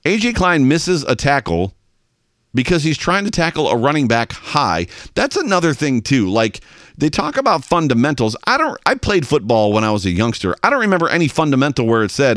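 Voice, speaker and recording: Animated man ranting about football. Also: mid-range voice, brisk, no echo, studio quality. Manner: animated, exasperated fan ranting. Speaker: podcast host. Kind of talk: sports talk monologue.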